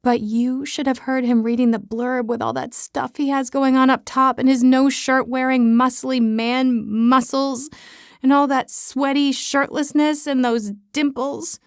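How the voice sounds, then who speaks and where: A woman's voice: sits high, little pitch movement, a little slow, dry recording, studio quality. A woman narrating a romance audiobook in the first person, chatty and self-mocking.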